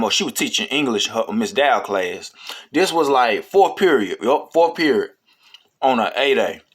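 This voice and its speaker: Man, casual storytelling, rambling, profane, lots of fillers, medium pitch. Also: fairly bright tone.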